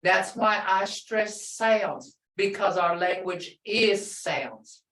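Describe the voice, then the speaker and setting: A middle-aged woman teaching a language class, patiently repeating words slowly so the tones can be heard. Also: medium pitch, fairly bright tone, far from the mic. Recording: echoey room, voice off-mic.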